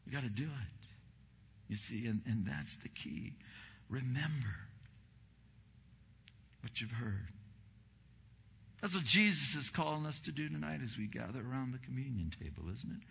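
A man preaching a sermon as pastor, impassioned, swinging between quiet, low passages and loud, rising ones. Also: lively intonation, normal speed, creaky, long pauses, slightly rough. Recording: dull recording in a reverberant hall.

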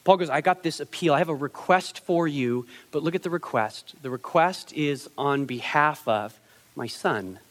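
A man's voice: fairly high pitch, moderate pace, long reverb tail. A man preaching a conversational sermon, acting out quotes in changing voices, with frequent restarts and repeated words. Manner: conversational, animated, acts out quotes with many restarts. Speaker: pastor.

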